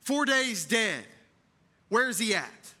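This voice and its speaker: A high-pitched, bright-toned man preaching to his congregation. He drops to a hushed, tender hush and then climbs into fervent, repeated calls. His voice is forceful and ringing. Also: very animated, slow pace. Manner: repeats phrases with emphasis, addresses the congregation as church. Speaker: pastor. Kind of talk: Easter sermon. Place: church sanctuary.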